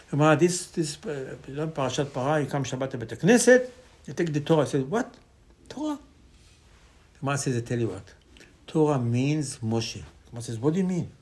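A man, a rabbi, preaching a Torah sermon with passion, repeating phrases and acting out quoted dialogue. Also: medium pitch. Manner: impassioned, repetitive, acts out quoted dialogue.

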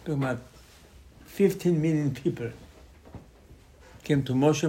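Rabbi in choppy, repetitive English. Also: male voice, fairly high pitch, expressive, unhurried, long pauses. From Israel. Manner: choppy non-native English with many repetitions. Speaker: rabbi teaching Torah. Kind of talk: informal Torah class.

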